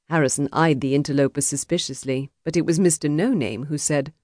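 A woman narrating an unabridged historical romance audiobook in a measured storytelling manner. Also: deep voice, fairly even intonation, a little mellow, no echo. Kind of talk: scripted narration. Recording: dry, close studio audiobook.

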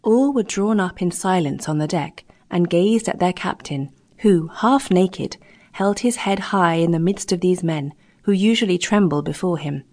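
A woman narrating a classic adventure story in a measured, dramatic reading. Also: fairly low pitch, darkish tone. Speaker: audiobook narrator. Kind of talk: scripted narration.

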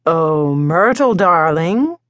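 A woman's voice: low voice, lively intonation, takes it slowly, no room sound, muffled recording. A cheeky, charming rogue as a woman narrator voices him. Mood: teasing. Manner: sing-song, teasing. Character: charming cheeky grown man, teasing rogue.

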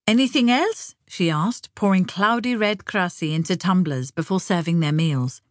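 A woman narrating a novel in a measured, unhurried storytelling manner. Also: on the low side, no echo, studio quality. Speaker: audiobook narrator. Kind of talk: scripted narration.

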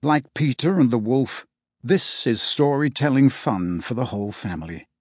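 A man narrating a children's audiobook in a playful, animated storytelling manner. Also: medium pitch, moderate pace, no room sound, clean studio sound. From England.

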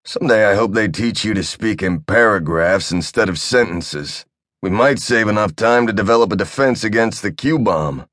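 A man's voice: on the low side, animated, normal speed, a bit bright, dry recording. A man voicing a tired, sarcastic male officer who is on medication. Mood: sardonic. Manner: dry, sarcastic. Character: sardonic, weary male officer under medication.

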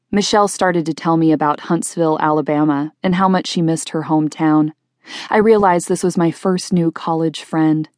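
Low-voiced lady narrating a first-person audiobook, steady, dry close recording. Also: normal speed, no echo.

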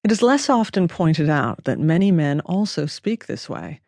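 A woman reads her own nonfiction audiobook in a steady, measured way. She is recorded on a close studio mic in a dead-dry booth with no room sound at all. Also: low-pitched, dry recording. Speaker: author narrating her own book.

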